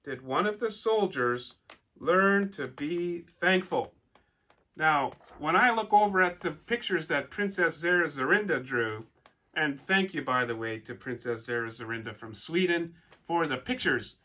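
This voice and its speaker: Bright-voiced expressive male storyteller. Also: on the high side. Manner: animated, expressive, slow emphatic questions. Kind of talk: storytelling for children.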